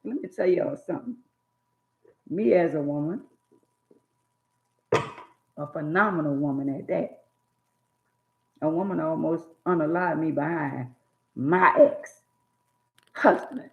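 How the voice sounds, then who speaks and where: Tinny, phone-like audio in an echoey room carries a woman's low, creaky voice as she speaks slowly and pauses often. As a vlogger, she lectures her viewers directly on life in an emphatic, sermon-style monologue.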